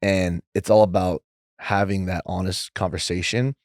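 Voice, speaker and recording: Low-voiced young man, rambling chat. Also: moderate pace, dry recording, clean studio sound. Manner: rambling, heavy use of "like", quotes others in lively voices. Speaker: guest. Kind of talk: casual interview chat.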